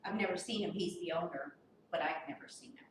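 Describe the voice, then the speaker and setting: A woman's voice: on the low side, brisk. Indignant woman telling a story in an echoey room. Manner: indignant, acts out both sides of the argument. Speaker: board member. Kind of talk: animated storytelling at a meeting. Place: meeting room. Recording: echoey room from far off, with noise.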